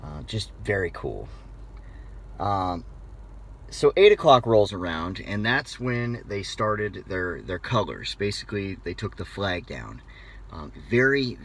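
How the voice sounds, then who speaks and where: An American man telling a personal story in a casual, animated way, often restarting his phrases. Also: deep voice, slight background noise. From United States. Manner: animated, conversational, with frequent restarts. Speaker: motivational speaker.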